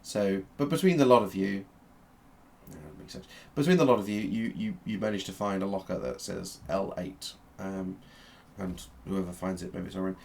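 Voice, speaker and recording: A man runs a tabletop game as game master, narrating in a low voice with a gravelly grain. His delivery halts, with frequent fillers and restarts. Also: normal speed, a little mellow, slight background noise.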